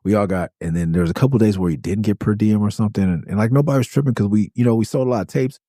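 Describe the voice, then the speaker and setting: A man's voice: fairly low pitch, racing, no echo, studio quality. A man hosting a podcast, telling tour stories casually with lots of swearing and acted-out quotes. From Los Angeles. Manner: animated, swearing, acts out quotes with raised voice. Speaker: podcast host. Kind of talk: casual storytelling.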